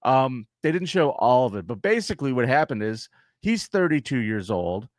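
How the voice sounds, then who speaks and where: A man's voice: medium pitch, very animated, moderate pace, dry recording, studio quality. A man co-hosting a comedy podcast, reading a crime story aloud and joking about it with casual swearing. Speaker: podcast co-host.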